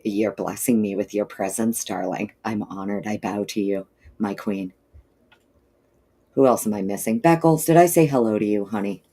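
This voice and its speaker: Low-energy woman greeting livestream chat. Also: mellow. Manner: greets chat viewers by name with pet names; frequent throat clearing. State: low energy, not feeling peppy. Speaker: livestream host.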